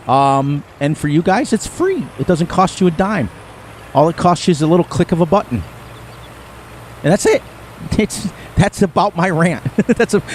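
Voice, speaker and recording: Talking casually to his viewers on a live game stream, this middle-aged man has a slightly high, darkish voice. There's slight background noise as he rambles folksily and laughs a lot.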